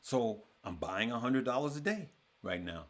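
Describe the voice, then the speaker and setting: A man's voice: mid-range voice, animated, moderate pace. A man hosting a trading course, talking casually to his members and repeating phrases for emphasis.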